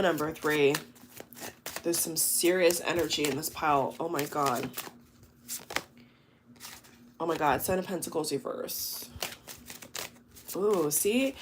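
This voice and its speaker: Female tarot reader with a slightly low voice and an emotive, chatty delivery full of exclamations. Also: animated, unhurried, background noise. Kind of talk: collective tarot reading.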